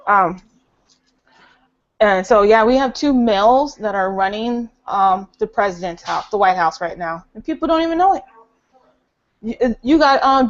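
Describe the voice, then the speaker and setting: A woman ranting in a casual, rambling way on a group call, with lots of fillers and restarts. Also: a little high. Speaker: caller in a group voice chat. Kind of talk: casual conspiracy rant. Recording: dull lo-fi online call audio.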